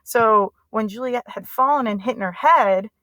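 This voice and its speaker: A woman's voice: a little high, normal speed, fairly bright tone, no room sound, low-quality recording. Chatty woman teacher, dry close sound. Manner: chatty, slangy retelling. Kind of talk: casual lesson summary.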